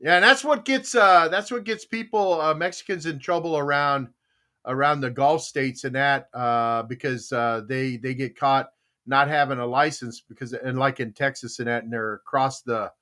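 A podcast host with a mid-range voice talks at a normal speed, lively and jokey. He laughs easily while reading out the live chat.

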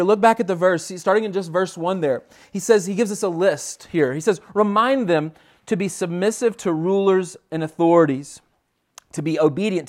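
High-voiced earnest male preacher. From United States. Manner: earnest, emphatic preaching with frequent restarts. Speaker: pastor. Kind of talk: sermon.

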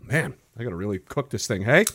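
Brief: middle-aged man, livestream host, lively up-and-down delivery, dry close mic. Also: mid-range voice, fast talker, slightly rough, dry recording. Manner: rambling, joking, reads chat aloud. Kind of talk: casual livestream chat. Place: home studio. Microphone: boom-arm studio mic.

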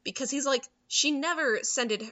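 A woman's voice: sits high, dry recording, lo-fi sound. A woman in casual chat, retelling a movie scene by scene and quoting the characters as she goes. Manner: animated retelling with quick character quotes.

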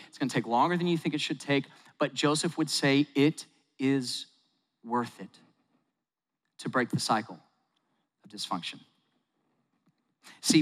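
A man delivers a sermon, telling the story with lively, animated delivery and acting out the quotes. His voice sits high and bright. It rings out with the long reverb of a large hall. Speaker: pastor.

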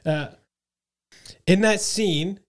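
A man's voice: sits high, very slow. A man chatting in a casual group tells his story animatedly. He keeps breaking into giggles as he speaks.

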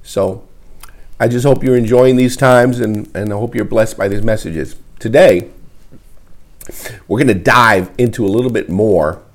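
A middle-aged man, a pastor, preaching an emotional sermon in a halting, repetitive way, close to tears. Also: lowish voice. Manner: emotional, wears heart on sleeve; halting, repeats words often. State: tearful. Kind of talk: livestreamed sermon.

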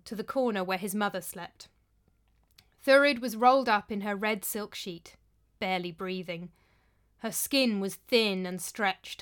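A woman reading a story aloud in a measured, even narrating voice. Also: mid-range voice. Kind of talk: audiobook narration.

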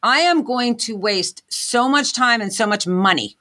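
An interview guest, a woman, speaks earnestly and candidly about her journey as an inventor and motivational speaker. Her voice is a little high, pushed and bright, with lively intonation and an unhurried pace.

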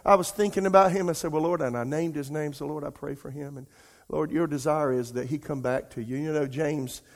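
A pastor delivers a sermon in a loose, conversational way, calling out to the congregation. His voice climbs into emotional, pleading cries and then sinks to a soft hush. He repeats words often as he tells stories. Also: a little high, fairly even intonation, a little fast. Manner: emotional storytelling, rising to near-crying pleas.

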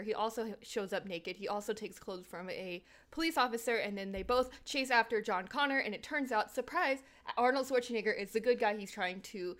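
A woman co-hosting a casual podcast, telling a story in a loose, rambling way. Her delivery is deadpan, and she tosses in quick lines in other people's voices. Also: medium pitch. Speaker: podcast co-host.

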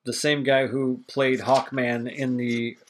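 A man's voice: medium pitch, flat delivery, slow, slight background noise. A man co-hosting a podcast, chatting casually and opinionated about a movie, rambling and swearing freely. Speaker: podcast co-host. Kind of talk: casual movie review chat.

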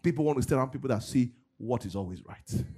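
Animated husky pastor preaching. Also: male voice, fast talker. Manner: animated, swings from loud bursts to low asides. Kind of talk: sermon. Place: church service.

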